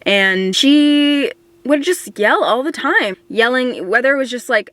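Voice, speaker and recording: A woman's voice: high voice, lively intonation, measured pace, fairly bright tone, dry recording. A young woman, a singer-songwriter, talks to camera from inside a parked car in a candid, earnest way, with many fillers. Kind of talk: casual talk to camera.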